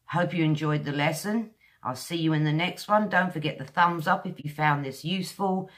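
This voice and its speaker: A woman from England with a modern English accent, teaching pronunciation in a chatty video lesson and slowly repeating sounds to demonstrate them. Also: low voice, fairly bright tone. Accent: modern southern English.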